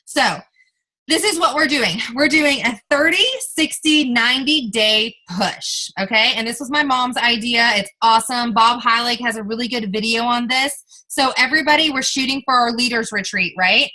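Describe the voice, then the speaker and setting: A young woman leads a motivational training talk, coaching her listeners in an emphatic, direct way. Her voice is bright and forward, and it sits a little high. She speaks to the group as if they sit right in front of her. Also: moderate pace, rough recording. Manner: emphatic, coaching, addresses listeners as you guys. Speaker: team leader giving a sales training talk.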